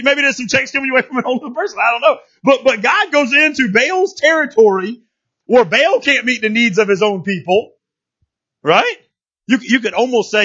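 Male pastor, lively sermon, high bright husky voice, dull lo-fi recording. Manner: animated and playful, acts out characters, rises to shouts.

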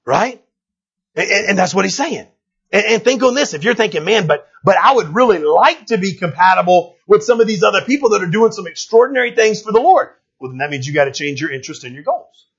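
A man preaching a sermon in a conversational, animated way, often checking in with his listeners. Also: high-pitched, slightly rough, lo-fi sound. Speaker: pastor.

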